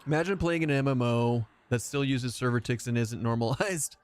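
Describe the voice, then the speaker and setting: A man's voice: medium pitch, moderate pace, clean tone. A man chatting casually as he streams a game live, rambling and self-mocking and laughing often.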